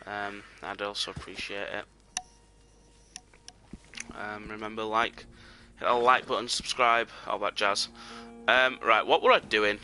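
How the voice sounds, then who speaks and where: A man's voice: on the low side, steady tone, a little slow, bright, forceful tone, slight background noise. A young British man chatting casually and joking with viewers while he plays a game on a live stream.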